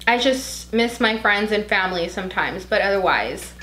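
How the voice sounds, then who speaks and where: A woman co-hosting a podcast in a casual chat, talking freely with lots of "like", emotional and quick to tear up. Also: medium pitch, animated, a bit bright, reverberant, rough recording. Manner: chatty, heavy use of "like"; emotional, easily tearful. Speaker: podcast co-host.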